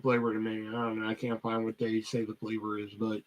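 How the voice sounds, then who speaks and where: A man's voice: fairly low pitch, completely flat delivery, fairly quick. A man hosting a casual livestream chat, rambling and swearing heavily as he talks. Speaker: host.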